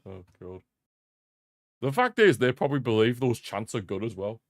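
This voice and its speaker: A man's voice: medium pitch, huge pitch swings, slow, long pauses, no echo, clean studio sound. A young man hosting a live football watch-along stream, chatting casually and commenting on the match with frequent laughter and repeated jokey rants. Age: young adult. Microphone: streaming desk mic.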